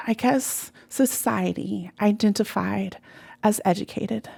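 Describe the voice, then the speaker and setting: A woman from California, being interviewed in a studio, recounting her childhood with lively quoted voices. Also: mid-range voice, slow pace, creaky, breathy edge. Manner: animated, lively quoting of family voices. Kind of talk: conversational interview storytelling. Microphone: studio microphone.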